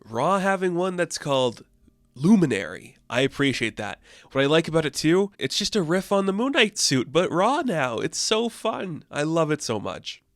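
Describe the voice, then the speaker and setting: A man's voice: fairly high pitch, very animated, normal speed, dry recording. Eager man recapping a comic, dry sound. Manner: enthusiastic, heavy use of "like". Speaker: comic book reviewer. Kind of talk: casual chat.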